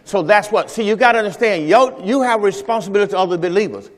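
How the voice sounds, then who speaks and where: A man's voice: sits high, fast talker. A male pastor a Sunday sermon, speaking conversationally to his congregation and telling personal stories. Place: church sanctuary during Sunday service. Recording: reverberant church hall.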